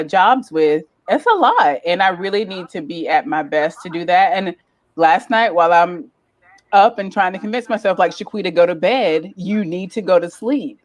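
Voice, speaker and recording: Chatty woman guest with a lowish voice. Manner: animated, laughs often, chatty storyteller. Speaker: guest, lifestyle content creator. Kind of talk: casual interview chat.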